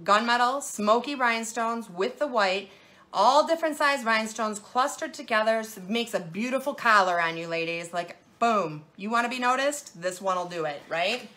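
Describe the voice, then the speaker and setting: A woman with a fairly high voice hosts a casual live jewelry sales show. She gushes and jokes in a bubbly, playful way as she shows each piece to her viewers. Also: lively intonation, moderate pace, bright, forceful tone.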